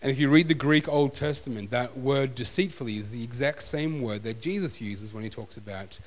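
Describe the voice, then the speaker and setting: A man's voice: medium pitch, a little fast. A man preaching a sermon as pastor, conversational and self-deprecating. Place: church hall. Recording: long hall reverb.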